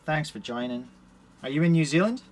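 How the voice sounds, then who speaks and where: A man's voice: a little high, lively intonation, fairly quick, a little mellow, slight background noise. A man with a Scottish accent chatting casually on a live stream while setting up puzzle cubes in a shed. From Scotland. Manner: chatty, cheerful, talks while working with his hands.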